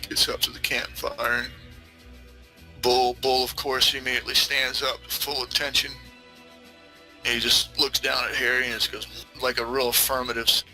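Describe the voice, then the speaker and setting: A man's voice: mid-range voice, flat delivery, moderate pace, bright, forceful tone, faint music behind, rough recording. A man, game master narrating a western tabletop game in a laid-back, vivid way.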